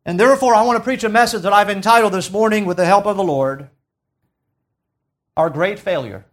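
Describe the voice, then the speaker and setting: Pastor preaching with slow emphatic drops. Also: male voice. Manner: preaches with slow emphatic phrasing, dropping low on key words; reads scripture in King James wording. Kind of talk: sermon.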